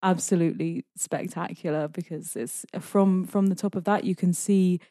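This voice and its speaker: A woman's voice: fairly low pitch, steady tone, moderate pace, mellow, dry recording, studio quality. A young British woman, a podcast guest, describing places with enthusiasm in casual conversation. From Britain.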